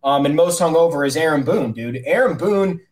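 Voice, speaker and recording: A man's voice: a little high, animated, brisk, darkish tone, poor audio. A man co-hosting a sports podcast in loose, joking casual chat, with frequent fillers and restarts.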